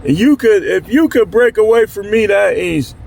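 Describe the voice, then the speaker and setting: A man from Milwaukee, Wisconsin, hosts his own channel and speaks directly to viewers in a blunt, slangy, fired-up to-camera monologue. His voice sits high and is animated, creaky, and a little mellow, at normal speed.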